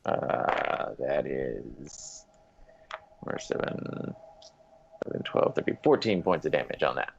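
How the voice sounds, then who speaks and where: A man playing a tabletop game, calling out rolls and damage hesitantly with many pauses and ums. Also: a bass voice, animated, creaky. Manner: hesitant, full of ums while tallying dice. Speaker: player. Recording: dull lo-fi mic with faint noise.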